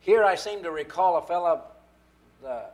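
A man preaching a sermon, stressing key words slowly. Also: high voice, expressive.

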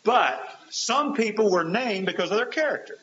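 A man's voice: high-pitched, animated, normal speed, a bit bright. A man preaching a sermon, earnest, with rising and falling emphasis and rhetorical questions to his listeners. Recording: dull hissy lo-fi recording.

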